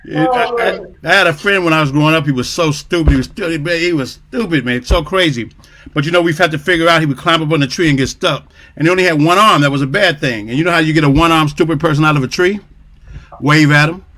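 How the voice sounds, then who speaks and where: Bright-voiced man telling quick jokes. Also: fairly high pitch. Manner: quick punchline delivery. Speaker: host. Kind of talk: casual joke telling.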